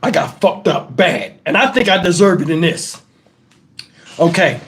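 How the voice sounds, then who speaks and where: A man hosting his channel, telling profane stories to viewers in a casual, animated way and breaking into laughter. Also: sits high, measured pace, slight background noise. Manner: talks straight to the audience with questions. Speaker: channel host telling stories to a live chat.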